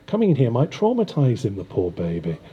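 A man's voice: mid-range voice, wildly swooping pitch, fairly quick, slightly rough, lo-fi sound, heavily acted. A man voicing a wounded male killer who taunts the detectives with wry amusement. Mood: mocking.

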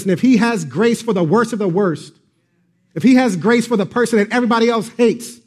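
A man delivers a sermon in a notably high voice. He preaches earnestly, stacking repeated phrases for emphasis and stumbling into the odd filler. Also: darkish tone. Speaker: pastor.

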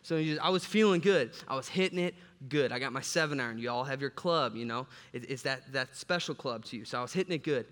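Joking pastor preaching in a reverberant hall. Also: male voice, medium pitch, quick pace, few pauses. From south side of Chicago. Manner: animated, joking storyteller. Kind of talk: sermon with humorous personal story. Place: church sanctuary. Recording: long reverb from a large hall.

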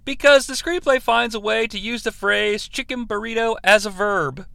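Male podcast host, comedic movie review; high, bright, dry-sounding voice. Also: normal speed, vocal fry, no room sound. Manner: animated, profane, jokey.

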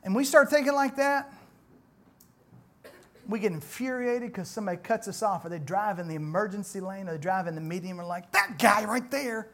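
A man's voice: high-pitched, brisk. Brief: middle-aged male preacher, sermon delivery, dynamic volume swings, pointed rhetorical questions. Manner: dramatic swings from soft to loud, rhetorical questions.

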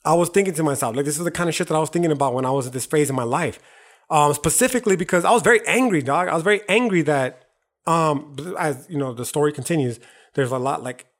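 A young man on a podcast, raging through a heated monologue that is thick with swearing and "dog". His voice sits a little high for a man. He comes from the United States. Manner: heated, profane, calls listener "dog". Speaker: podcast host. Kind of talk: profane, impassioned monologue.

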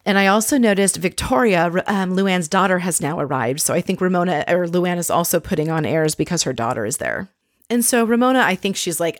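A woman tells a reality-show recap in a chatty, gossipy way, swearing casually as she goes. She jumps in and out of quoted voices with plenty of pitch movement. The sound is close and dry, with no room around it. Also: lively intonation, brisk, dry recording.

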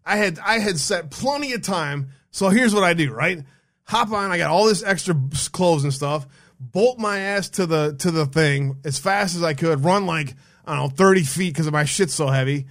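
A male host with a somewhat high voice tells a story in a fired-up rant. He swears constantly and keeps stumbling and restarting mid-sentence. His delivery is casual and heated. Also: normal speed, a bit bright. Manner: profane, heated, restarts often. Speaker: stream host taking callers.

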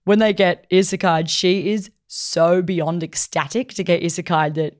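A woman co-hosting a podcast, recapping an anime plot in casual, animated chat full of fillers. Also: fairly low pitch, moderate pace. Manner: chatty and animated, acts out characters' lines. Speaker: podcast co-host.

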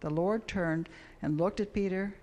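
A class member reading a scripture passage aloud in a steady, even way. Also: mid-range voice, unhurried, slight background noise.

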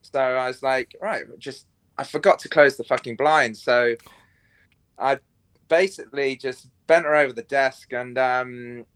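A man's voice: mid-range voice, steady tone, a little slow, a bit bright, clear, resonant tone, no echo. A young man, a podcast guest on a remote call, telling rambling, crude stories in casual chat with lots of fillers.

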